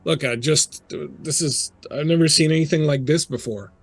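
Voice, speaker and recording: A man's voice: on the high side, normal speed, no echo, faint music behind, pitched above the performer's own voice. A man voicing a nervous male guard who stammers and gets defensive. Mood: flustered.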